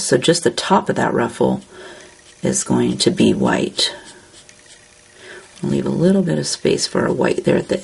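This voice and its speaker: A woman with a low, husky voice that has heavy fry running through it. She narrates a craft tutorial step by step, in an easy and unhurried way, describing each stroke as she colors. Her gravelly tone stays steady throughout. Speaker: card-making instructor.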